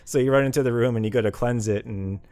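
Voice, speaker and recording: A man's voice: mid-range voice, fast talker. Guy telling a game story, acting out the lines, casual podcast chat. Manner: animated storytelling, acts out quoted characters. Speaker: podcast co-host. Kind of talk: casual chat about video games.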